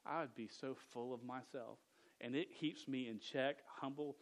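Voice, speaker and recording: Speaking straight to young listeners, a man preaches a sermon in an earnest voice pitched in the middle range. His stutter makes him repeat sounds and words before he presses forward, though his pace stays moderate.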